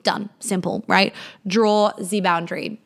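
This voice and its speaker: A woman's voice: medium pitch, fairly even intonation, measured pace, gravelly. A woman hosting a live question-and-answer stream, giving blunt, casual advice with plenty of swearing and fillers, acting out sample replies. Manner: acts out quoted replies in a lighter voice. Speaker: host answering viewer questions on a livestream.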